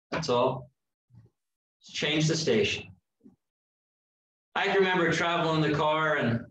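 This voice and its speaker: A man preaches at a deliberate, unhurried pace, leaning on each phrase and pausing for effect. His voice sits a little high for a man and sounds roomy and set back from the mic, with faint background noise. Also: fairly bright tone. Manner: slow, emphatic preaching with dramatic pauses. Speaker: pastor. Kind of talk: sermon. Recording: echoey room heard from a distance.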